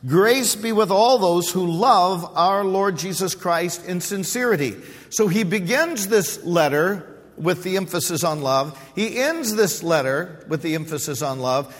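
A man with a notably high voice preaches from the pulpit into a microphone. He explains scripture and poses questions to his congregation. The sound carries a long reverb from a large church hall. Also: a bit bright. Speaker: pastor. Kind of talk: sermon. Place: church sanctuary.

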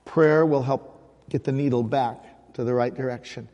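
Pastor preaching in a reverberant church hall. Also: male voice, medium pitch, expressive, unhurried, a little mellow. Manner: conversational, asks the congregation questions. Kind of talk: sermon. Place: church sanctuary.

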